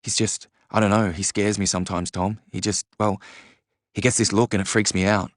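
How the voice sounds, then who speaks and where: A man's voice: on the low side, little pitch movement, no echo, clean studio sound, close to an everyday voice. A man reading as a hesitant, anxious young woman. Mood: uneasy. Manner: hesitant, halting with fillers.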